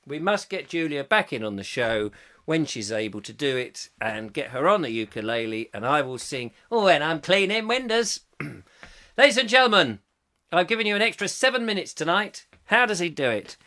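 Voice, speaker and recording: A bright-voiced man from southern England hosts a live comic chat show and reads out viewer comments. He rambles and giggles and pokes fun at himself, in a high register. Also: big pitch swings, normal speed. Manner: giggly, rambling and self-mocking. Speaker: host.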